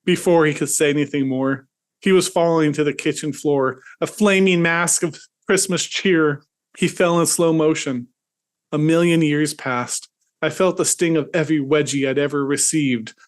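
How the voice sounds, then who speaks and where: A man's voice: fairly even intonation, normal speed. A man, host and author, reading his satirical short story aloud with dramatic swings. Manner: dramatic, swings into high pitch at comic peaks.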